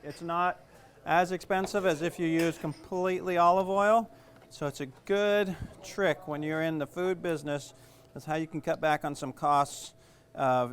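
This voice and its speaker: Chatty, rambling chef, a somewhat high man. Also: a little hiss or hum. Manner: chatty, rambling, jokes at himself. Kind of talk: casual cooking demonstration.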